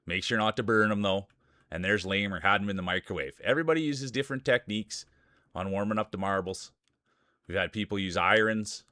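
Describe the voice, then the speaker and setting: A man's voice: lowish voice, a little fast, bright, forceful tone, dry recording, clean studio sound. A man with a Canadian accent streaming live, greeting his chat by name and joking through marble race commentary. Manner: chatty, greets viewers by name, jokey.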